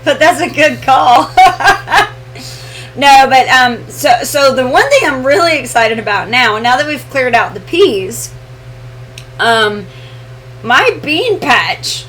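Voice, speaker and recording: A woman co-hosting a casual live question-and-answer chat, easygoing and quick to laugh. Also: high voice, expressive, noisy background. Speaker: co-host of homestead channel.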